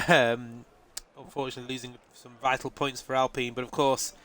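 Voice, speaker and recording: A man's voice: mid-range voice, flat delivery, moderate pace, a bit bright. A man doing live sim-racing commentary, nasal and congested from a head cold, chatty and answering his live chat. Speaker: race commentator.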